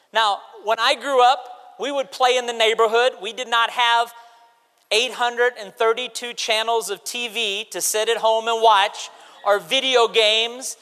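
Guy preaching, really high bright voice, lively and calling out to the church, big echoey hall. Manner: animated, calls out to the congregation. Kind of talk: sermon with audience participation. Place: church sanctuary. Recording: hall reverb in a large church.

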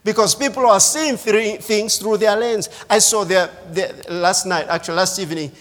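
A man preaching a sermon as pastor, slow and emphatic, repeating key phrases. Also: high-pitched. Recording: reverberant hall.

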